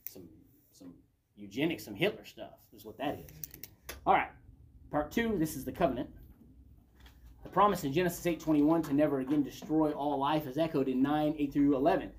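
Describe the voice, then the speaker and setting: A man's voice: a little high, darkish tone, a little hiss or hum. A man leading a Bible study, reading passages aloud and commenting on them in a conversational way.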